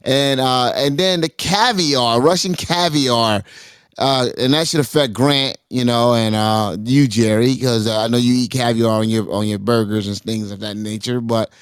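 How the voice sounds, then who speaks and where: A man's voice: medium pitch, steady tone, normal speed, smooth, no room sound, studio quality. A man on a live panel talking casually, rambling with many fillers and growing emphatic. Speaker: panel guest.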